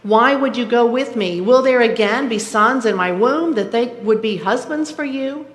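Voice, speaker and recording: A woman's voice: on the high side, normal speed, close to an everyday voice. Naomi, a woman reading as a bitter, pleading widow. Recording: echoey church sanctuary.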